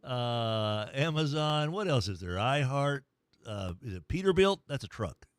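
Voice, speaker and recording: A sports talk radio host, folksy and joking, rambles through scores and a sponsor read. His medium-pitched voice is animated and measured, with a clear, resonant tone and no echo.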